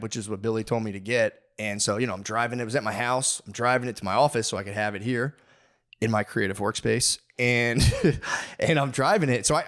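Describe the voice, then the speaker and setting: Man, comedy podcast host, ranting monologue, profane, rambling, mid-pitched voice. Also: fairly bright tone. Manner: rambling, profane, mock-aggressive.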